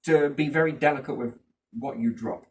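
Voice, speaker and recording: A man's voice: medium pitch, normal speed, darkish tone. A man musing in a casual chat, rambling from thought to thought and often asking rhetorical questions. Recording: voice a bit far from the mic.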